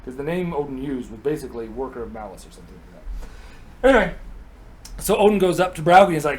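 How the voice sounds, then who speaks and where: A man casually retelling an old myth in a chatty, animated, profane style. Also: a little high, quick pace, slight background noise, poor audio. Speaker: comedic myth storyteller.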